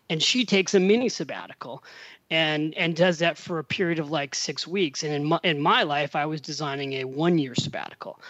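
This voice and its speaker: There's no room sound, and the recording is lo-fi, but the slightly high voice of a middle-aged American comes through. He's a podcast guest speaking from home in Italy, casually telling a long story. Full of animation, he plays out the quoted dialogue by voicing the people involved.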